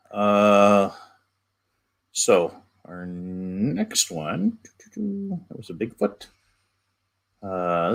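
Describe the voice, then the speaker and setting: A man co-hosting a live show, reading viewer questions aloud and chatting with hesitant pauses. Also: fairly low pitch, fairly bright tone. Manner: hesitant, lots of fillers. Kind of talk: casual live-stream chat.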